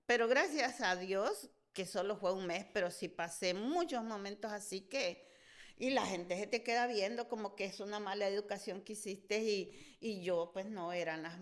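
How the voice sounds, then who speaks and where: Animated older woman telling anecdotes. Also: medium pitch, brisk. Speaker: podcast guest, host's mother. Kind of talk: casual storytelling chat.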